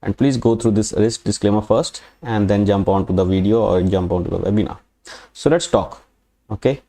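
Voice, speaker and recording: Indian guy hosting a trading webinar, kinda low warm voice, lots of uhs and restarts. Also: moderate pace. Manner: rambling, self-correcting, frequent fillers. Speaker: webinar host, forex analyst. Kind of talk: live webinar presentation.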